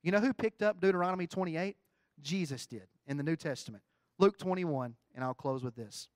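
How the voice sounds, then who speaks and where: A middle-aged man preaching a folksy sermon, swinging between quiet asides and loud, rising emphasis. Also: a little high, fairly quick, dry recording.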